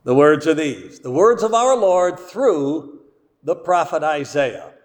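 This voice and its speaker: A high-voiced man preaches a sermon at an unhurried pace, stressing each key word with weight. His voice rings out with a long church-hall reverb. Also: lively intonation. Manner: slow and deliberate, with strong emphasis on key words. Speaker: pastor.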